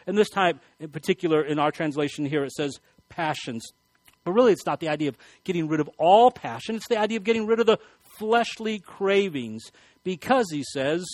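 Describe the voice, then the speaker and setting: A man preaching a sermon as pastor, emphatic and building to forceful commands. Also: high-pitched, no echo. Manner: emphatic, rising to shouted commands.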